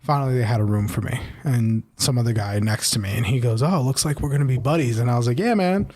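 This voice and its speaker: A man's voice: medium pitch, fast talker. A man co-hosting a podcast, telling a long personal story in casual chat and tagging on "right?" a lot. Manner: animated, repeats "right?" often, acts out quoted voices. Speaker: podcast co-host.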